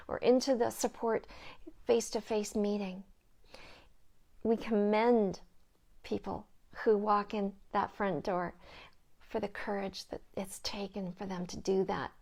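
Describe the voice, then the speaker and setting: A middle-aged woman giving a gentle talk on coping with grief as a grief support counselor, soft-spoken and often dropping to a hushed whisper. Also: medium pitch, gravelly.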